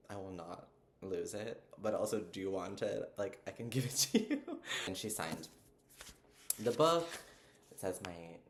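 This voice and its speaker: Excitable young man, low voice. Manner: excited, rambling, lots of fillers. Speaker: vlogger. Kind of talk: casual storytelling.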